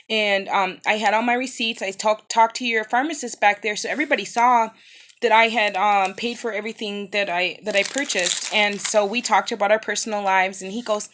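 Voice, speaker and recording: Thirtysomething woman vlogging about a rough day, upset, lots of ums and restarts, hurting after surgery. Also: medium pitch, brisk, a bit bright. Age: 30s. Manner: upset, recounting with frequent fillers and restarts. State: in pain after recent surgery. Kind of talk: casual storytime vlog.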